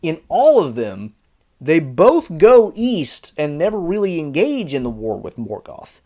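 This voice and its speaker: A man reviewing a fantasy series casually on video, animated and exasperated, with sarcastic asides. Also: a little high, measured pace.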